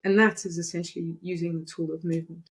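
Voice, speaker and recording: A woman's voice: lowish voice, flat delivery, fast talker, rough recording. A woman energy coach explaining breathing and compassion techniques in a guided, instructive way. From South Africa. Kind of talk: teaching interview talk.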